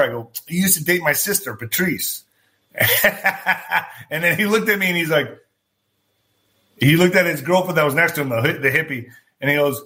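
A male podcast host with a bright, forceful voice set a bit above the usual pitch for men. He tells his story in a loose, chatty way, acts out each exchange of dialogue and swears freely. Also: fast. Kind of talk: casual anecdotal storytelling.

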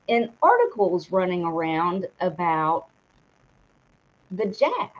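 A woman co-hosting a live show, reading product details aloud, tripping over hard words and laughing at herself. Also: medium pitch. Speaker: co-host reading a sponsor segment. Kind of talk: casual live-stream talk. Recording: dull lo-fi stream audio.

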